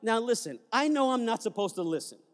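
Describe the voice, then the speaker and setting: Brief: male pastor from Puerto Rico, animated sermon storyteller, high-ish voice, reverberant sanctuary. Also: brisk. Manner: animated storyteller, acting out dialogue. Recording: long hall reverb.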